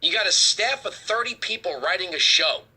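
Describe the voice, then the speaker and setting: A man hosting a political talk show, delivering a heated, sarcastic commentary rant with a husky edge. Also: high-pitched, animated, moderate pace, sharp tone.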